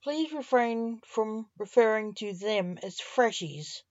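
A woman voicing a grumpy, grieving male hospital coroner who talks in gruff, snapping bursts, in a dull, dry, lo-fi recording. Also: high voice, lively intonation, takes it slowly, darkish tone, no echo. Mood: irritable.

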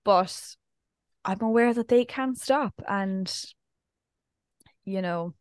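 A young woman chats through a story, slipping into the voices of the people she quotes. Her pitch sits in the middle range. The recording is dry and close, with little room sound. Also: takes it slowly, no room sound. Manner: chatty storyteller acting out quoted speech. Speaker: podcast co-host. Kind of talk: casual chat.

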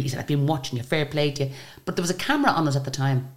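Older woman, radio guest; low, expressive voice, animated storyteller who acts out each exchange. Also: rapid-fire, hardly any pauses. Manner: chatty, animated retelling of stories with quoted dialogue. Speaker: guest singer. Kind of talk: radio interview, anecdotal storytelling.

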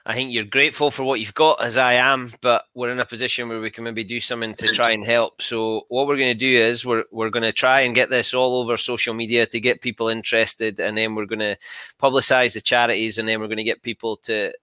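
A man's voice: mid-range voice, level tone, fast, bright, forceful tone, no echo. A man hosting a casual interview, upbeat and teasing his guest with banter. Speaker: host.

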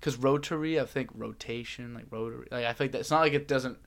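A man's voice: medium pitch, fast talker, gravelly. A young man hosts a podcast in casual chat, rambling playfully with lots of likes and restarts. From Massachusetts. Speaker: podcast host.

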